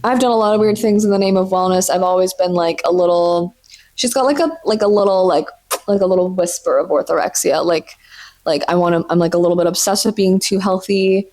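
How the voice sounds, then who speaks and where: A woman in her twenties hosts a casual solo podcast while sitting on the floor at home. Her lowish, slightly mellow voice moves fairly quickly as she chats freely, swearing a lot and filling her speech with "like."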